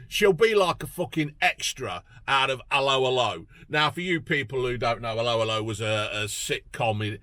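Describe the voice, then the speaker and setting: A man's voice: on the high side, pushed and bright, dry recording. A man from England, ranting bluntly and profanely about politics in a casual vlog. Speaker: political vlogger.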